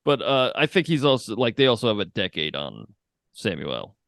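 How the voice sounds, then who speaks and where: A man with a fairly low voice and a dry, close sound, chatting casually about a film on a podcast. His delivery is relaxed, and he laughs easily. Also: normal speed, gravelly, no echo. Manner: relaxed, laughs often, acts out reactions in quotes. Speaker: podcast co-host. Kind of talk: casual movie chat.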